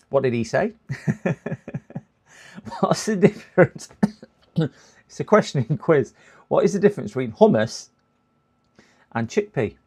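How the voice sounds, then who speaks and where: A man hosting a computer repair livestream, chatting casually and rambling, his voice going hoarse with frequent throat clearing. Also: medium pitch, sing-song, slow pace, long pauses, a little mellow. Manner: chatty, rambling, laughs at his own jokes. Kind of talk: casual live-stream chat.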